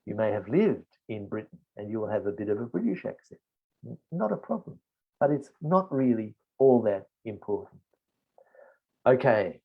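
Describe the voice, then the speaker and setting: A middle-aged man with an Australian accent, answering test questions in a teaching webinar and explaining slowly with strong emphasis. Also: fairly low pitch, very animated, vocal fry, husky. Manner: slow, deliberate explanation with emphatic stresses. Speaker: IELTS expert answering questions. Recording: dull lo-fi webinar audio.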